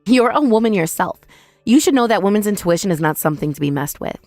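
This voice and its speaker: A woman's voice: mid-range voice, animated, fast, darkish tone, dry recording, clean studio sound, soft background music. A woman narrating a dramatized first-person story in a confrontational, scolding way.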